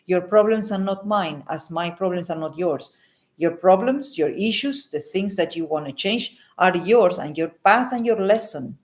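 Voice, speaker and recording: A woman's voice: on the low side, moderate pace. A woman healer giving an earnest, unscripted talk to camera, repeating phrases for emphasis and adding a questioning "hmm?" after her points. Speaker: holistic healer and psychic. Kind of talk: unscripted advice monologue to camera.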